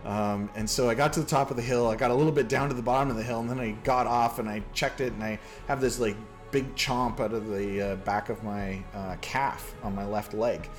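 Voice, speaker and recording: A man's voice: medium pitch, steady tone, a little fast, few pauses, soft background music. A man from Canada hosting a casual chat, rambling through a story with lots of fillers. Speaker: podcast host.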